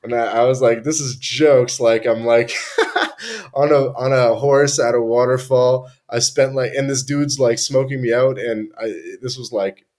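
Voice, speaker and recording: With a medium-pitched, slightly mellow voice and a measured pace, a young man from Canada chats casually as a podcast guest. He tells his travel stories loosely and in slang, restarting often.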